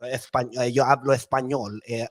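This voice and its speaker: A man's voice: medium pitch, little pitch movement, a little fast. A man co-hosting a podcast in casual chat, playful and given to stammering through mock accents. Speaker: podcast co-host. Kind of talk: casual chat with joke impressions.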